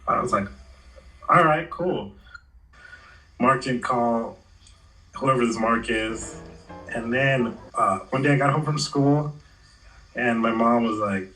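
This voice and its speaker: Recorded on a distant mic in a rough recording, this Los Angeles-area man in his forties, once a pro skater, spins stories in a relaxed, slangy interview and performs the quotes. He sounds medium-pitched, animated, pushed and bright, unhurried and pausing often.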